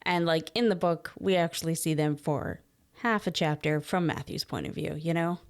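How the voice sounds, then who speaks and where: A woman's voice: low-pitched, normal speed. A woman in a casual podcast chat, co-hosting and explaining things at length in a chatty, opinionated way. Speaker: podcast co-host.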